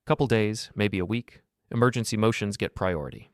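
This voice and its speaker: A man reading a brisk, calm lawyer. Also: on the low side, dry recording, clean studio sound, close to an everyday voice. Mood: businesslike. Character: calm, capable male lawyer.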